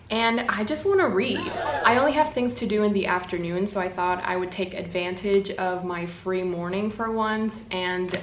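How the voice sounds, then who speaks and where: A young woman in her twenties chatting casually as a book vlogger at home, easily getting giddy and breathless with excitement. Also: medium pitch. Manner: chatty, quickly overexcited and giggly. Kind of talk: casual vlog talk. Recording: roomy home room, faint background hiss.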